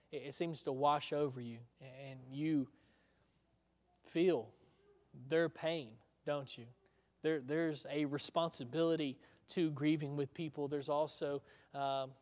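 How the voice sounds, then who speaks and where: A man's voice: fairly high pitch, darkish tone. A male preacher giving a sermon in a conversational storytelling way, asking the listeners rhetorical questions. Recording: long hall reverb.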